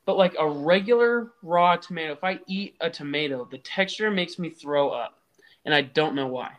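A man, a podcast guest, telling animated stories in casual chat. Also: a little high, moderate pace. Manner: animated storytelling.

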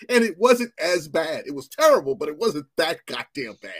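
A man co-hosting a podcast in casual chat, animated and profane, rambling with restarts. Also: high-pitched, normal speed, breathy edge. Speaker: podcast co-host.

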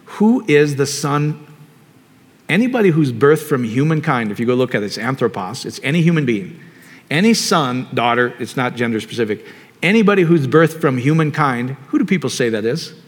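A man preaching a sermon in a relaxed, conversational way, often asking the audience questions. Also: mid-range voice, brisk, breathy edge. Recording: long hall reverb.

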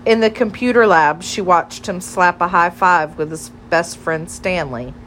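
A woman narrates a storybook in a gentle, measured way, slow and a bit low-pitched. A faint hiss of ambience sits under the voice. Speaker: audiobook narrator.

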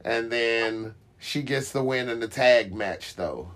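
A man's voice: medium pitch, slow pace, fairly bright tone, slight background noise. A man hosting a casual wrestling podcast, talking emphatically and teasing his co-host.

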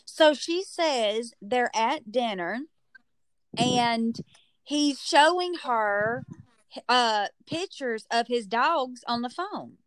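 A woman hosting a podcast, telling a story in a chatty, animated way and stretching words for emphasis. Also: on the high side, extremely slow, clean tone, no room sound. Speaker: podcast host. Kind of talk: casual storytelling chat.

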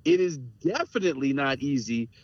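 A man's voice: mid-range voice, sing-song, brisk, darkish tone, no echo. A middle-aged man telling candid personal stories as a podcast guest, earnest and reflective, laughing between points. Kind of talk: candid conversational storytelling. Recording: dry, dull lo-fi audio.

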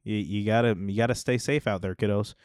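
A man's voice: on the low side, fairly even intonation, brisk, a little mellow, clear, resonant tone, no echo, clean studio sound. Chatty man hosting a movie podcast. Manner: chatty, rambling, laughs easily. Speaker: podcast host. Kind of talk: casual movie-news chat.

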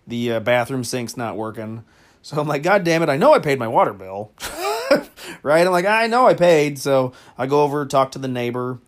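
A man's voice: medium pitch, lively intonation, moderate pace. A man hosting a comedy podcast, telling a crude story casually, with lots of fillers and frequent laughter. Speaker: podcast host.

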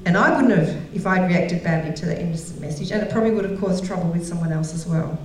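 A woman's voice: on the low side, fast. Middle-aged woman preaching in an echoey hall. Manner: storytelling, laughs often, acts out quoted voices. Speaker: women's conference speaker. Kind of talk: sermon. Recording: very echoey hall, voice heard from a distance.

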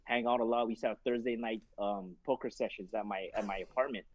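A man's voice: on the low side, fast, dry recording. A man, a boxing trainer and guest, telling stories in a casual interview and acting out the voices of the people in them. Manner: animated, acts out quoted voices, many fillers. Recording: dull muffled lo-fi sound.

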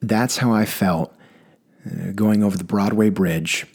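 A man's voice: on the low side, a little slow, darkish tone, slightly rough. A man telling a wry personal story about a passenger, with a dry delivery. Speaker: rideshare driver telling a story.

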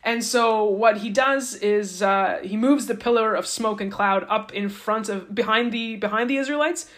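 A woman's voice: mid-range voice, moderate pace, a bit bright. Playful woman retelling a story. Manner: playful, joking, slangy asides. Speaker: podcast host. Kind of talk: casual retelling of a Bible story.

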